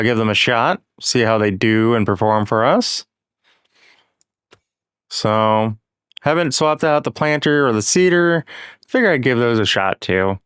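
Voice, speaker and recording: A man with a slightly hoarse, frog-in-the-throat voice, rambling casually with lots of ums and uhs as he hosts a farming game let's-play. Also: mid-range voice, fairly bright tone. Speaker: gaming channel host.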